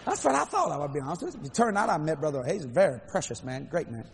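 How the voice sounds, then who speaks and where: An older man preaching a storytelling sermon in a large hall, animated and playful with dramatic swings. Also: on the high side, fast, gravelly, noisy background. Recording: echoey hall, faint crowd ambience.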